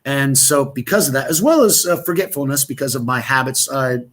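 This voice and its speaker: A man's voice: medium pitch, a little fast, a bit bright, slight background noise. A man talking as a guest in a casual livestream chat, joking and drifting into asides. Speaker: interview guest.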